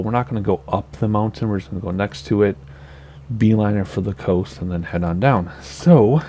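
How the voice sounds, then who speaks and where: A man's voice: on the low side, a little fast, a little hiss or hum. A man hosting a flight simulator let's-play, chatting casually and thinking aloud as he sets up a flight. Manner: relaxed, chatty, thinking aloud with small laughs. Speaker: gaming channel host.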